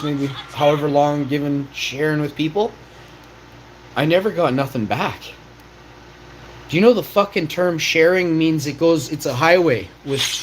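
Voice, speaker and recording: Ranting, profane man in an echoey room. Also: a little high. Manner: confrontational, profane, full of rhetorical questions. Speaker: vlog host. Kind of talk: ranting monologue. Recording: roomy echo, faint noise.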